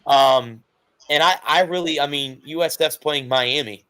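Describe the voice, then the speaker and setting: A man's voice: on the high side, bright, forceful tone. Hesitant man on a sports talk chat. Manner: hesitant, halting. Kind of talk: casual chat.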